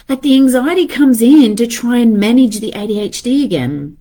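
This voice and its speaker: A woman's voice: on the high side, expressive, moderate pace, few pauses, mellow. A woman in her thirties talking casually and animatedly to viewers about ADHD, swearing freely and acting out her inner voices.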